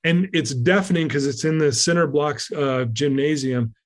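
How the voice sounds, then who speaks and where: A man telling a personal story in a conversation, lively and acting out the lines of people he quotes. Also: fairly high pitch, normal speed. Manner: animated, acts out quoted lines. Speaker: guest speaker.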